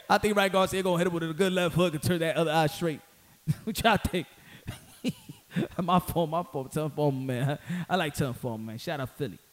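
A man giving casual solo boxing commentary in an emphatic, slangy way, repeating phrases for stress and rising to heated outbursts. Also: a little high.

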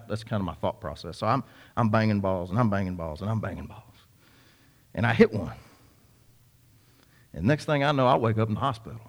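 A man's voice: medium pitch, a bit bright. A young man preaching a sermon, telling a folksy story with many repeats and asides to the congregation. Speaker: pastor.

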